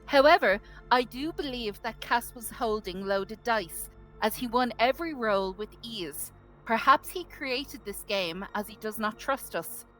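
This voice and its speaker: A woman's voice: mid-range voice, low-quality recording. A woman reading her character's adventure journal aloud to a tabletop group. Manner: nervous at first, then steady reading.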